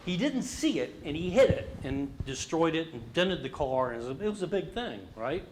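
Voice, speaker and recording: Lively middle-aged man leading a workshop. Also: a little high, moderate pace, a little hiss or hum. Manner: animated, asks the audience questions. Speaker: workshop presenter. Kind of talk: interactive leadership workshop talk.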